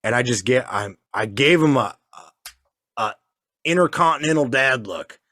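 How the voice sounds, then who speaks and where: A man's voice: medium pitch, lively intonation, measured pace, sharp tone, no echo, studio quality. A man in casual chat, a father telling crude stories with swearing and laughs. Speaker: podcast co-host, father.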